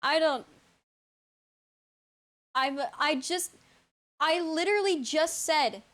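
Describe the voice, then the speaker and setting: Young woman streamer with a high voice, chatting live with viewers, stammering and incredulous. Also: a bit bright. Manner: incredulous, stammering, quick to laugh.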